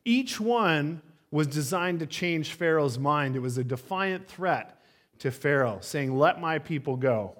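A man's voice: a little high, animated, slow, fairly bright tone. A man preaching a sermon as a pastor in church, telling stories in a conversational way with frequent fillers.

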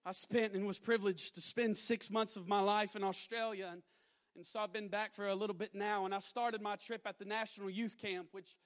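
A young man preaching a sermon, telling a story and building to loud, emphatic exhortation. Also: sits high, little pitch movement, fairly quick.

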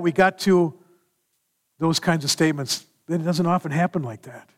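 A man preaching a sermon in an animated manner, acting out scripture dialogue as he explains verses. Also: fairly high pitch, normal speed. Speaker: pastor.

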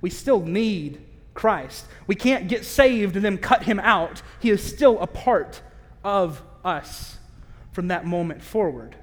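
A man preaching a sermon in a candid, conversational way, with self-aware asides and slow, emphatic stress on key phrases. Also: sits high. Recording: long reverb of a large hall.

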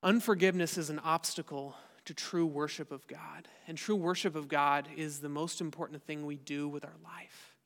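A pastor preaching a sermon to his church, earnest and often dropping softly at the end of a point. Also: a little high, fairly even intonation, moderate pace, few pauses, big-room sound. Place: church sanctuary.

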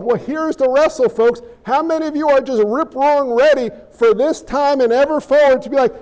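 A male pastor with a strikingly high voice delivers an animated sermon. He peppers the congregation with rhetorical questions and drops in the odd joking aside along the way. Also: normal speed, few pauses.

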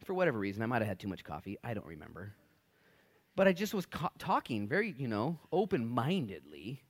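Man, pastor, sermon, lively up-and-down delivery, conversational, acts out quotes. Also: medium pitch, fairly quick. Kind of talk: expository sermon.

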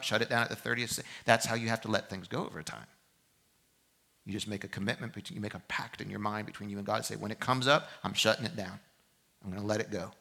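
Bright-voiced preaching pastor, man. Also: lowish voice, gravelly. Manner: impassioned preaching that swings from loud exhortation to quiet reflection. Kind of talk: sermon. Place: church service.

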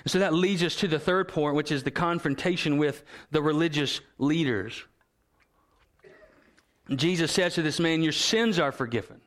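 A male pastor delivers a sermon in a slightly higher-than-usual voice. He speaks earnestly and reads scripture and story passages aloud. For emphasis he slows down and lets his voice sink low. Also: fairly bright tone.

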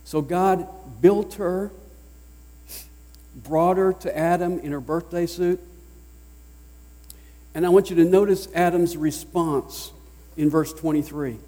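A man with a Southern US accent preaching a sermon as pastor, emphatic, swinging between loud declarations and hushed lines. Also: on the high side, slow, pauses often. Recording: long reverb of a large hall.

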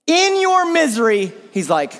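Animated preacher man in a reverberant hall. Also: very high-pitched, a little slow. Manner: animated preaching, drops to a hushed voice for emphasis. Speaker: pastor. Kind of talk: sermon.

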